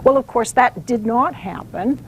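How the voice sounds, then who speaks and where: A woman author giving a public talk, telling stories in an animated way with some fillers. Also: a little high, unhurried, a little hiss or hum, low-quality recording. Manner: storytelling, animated, uses fillers.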